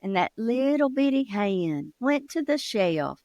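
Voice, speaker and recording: A woman, telling a ghost story with dramatic pauses and spooky low drops. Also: sing-song, darkish tone, dry recording, dull audio. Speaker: co-host, storyteller.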